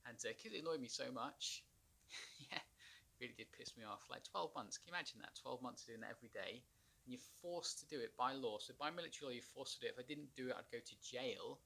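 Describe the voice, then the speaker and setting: Man, ex-marine vlogger, gravelly and bright, rambling storytelling with sighs. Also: medium pitch. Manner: rambling, halting, with nervous laughs and sighs. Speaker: former marine turned anxiety consultant. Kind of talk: personal storytelling to camera.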